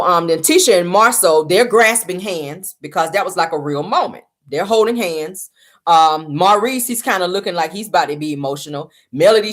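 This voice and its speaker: A woman hosting a casual reality-show recap, talking to viewers as y'all and retelling what was said. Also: lowish voice. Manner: chatty, addresses viewers as y'all, retells quotes.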